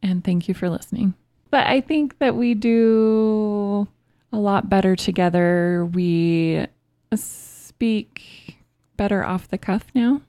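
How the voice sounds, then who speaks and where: A woman's voice: mid-range voice, slow pace, warm tone, no room sound, clean studio sound. A woman co-hosting a casual podcast, talking with a slight lisp. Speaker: podcast co-host. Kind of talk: casual chat.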